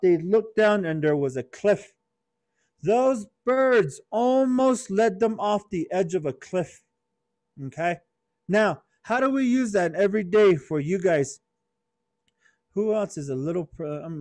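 A man telling a moral story to children at a youth conference, animated, and calling on listeners by name. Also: sits high, measured pace.

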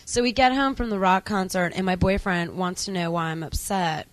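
A woman's voice: fairly low pitch, normal speed, no echo, low-quality recording. Intense woman performing spoken word. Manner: intense, raw, rhythmic.

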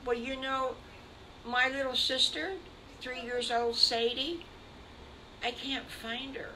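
A woman's voice: sits high, steady tone, slow pace, bright, forceful tone, a little hiss or hum, pitched above the performer's own voice, full character voice, low-quality recording. An older woman voicing a timid, worried little girl skunk in a storybook tale. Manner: anxious, fretful.

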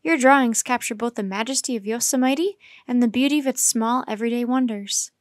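A woman's voice: a little high, brisk, no room sound, studio quality, close to an everyday voice. A woman voicing a polite, admiring naturalist man in a storybook reading.

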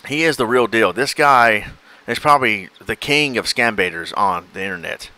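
A bright-toned man chatting casually on a podcast. He rambles eagerly and keeps piling on detail. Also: fairly low pitch, normal speed, no room sound. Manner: enthusiastic, rambling, acts out clips. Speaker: podcast co-host. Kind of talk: casual chat.

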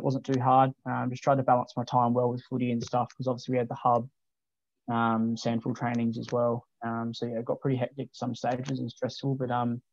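A relaxed Australian man in his late teens talks casually as a podcast guest, hesitating and restarting often. His voice stays mostly level, with little rise or fall. The recording is dry and a little dull, like a lo-fi capture. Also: mid-range voice, dry recording. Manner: laid-back, many ums and restarts. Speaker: guest, junior footballer. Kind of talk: casual interview chat.

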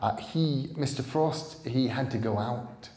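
Man putting on a young girl, high voice, puzzled and trusting, roomy echo. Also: measured pace, warm tone, lightly acted.

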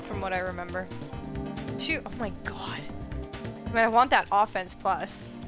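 A woman's voice: mid-range voice, moderate pace, over loud music. A young adult woman streaming a horror game live, chatting casually with frequent swearing and laughter. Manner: swears a lot, laughs often.

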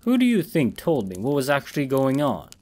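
A man's voice: mid-range voice, huge pitch swings, fairly quick, a little mellow. Man doing a growling, furious army general. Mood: angry. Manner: growling, blunt.

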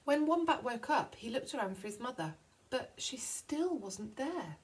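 A woman teacher reading a picture book aloud to children, slowing down for effect. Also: fairly high pitch, rough recording. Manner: expressive storytelling, slowing for effect.

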